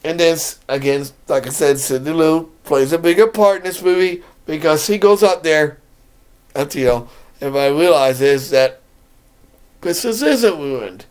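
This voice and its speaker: A man's voice: a little high, moderate pace, clean tone. A man casually and enthusiastically talking through a favorite movie for his video blog, rambling and laughing often. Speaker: video blogger reviewing a movie.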